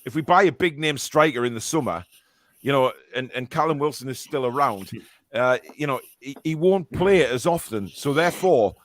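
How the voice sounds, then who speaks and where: A man's voice: mid-range voice, animated, moderate pace, no echo. A man with a Geordie accent hosting a live fan show, chatting casually and rambling with plenty of fillers and restarts.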